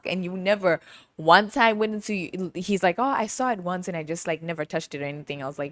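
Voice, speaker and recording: A woman's voice: fairly low pitch, fairly quick, a bit bright, no echo, studio quality. A woman hosting a podcast, telling stories in a casual, chatty way, laughing often and playfully teasing. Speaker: podcast host. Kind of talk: casual storytelling monologue.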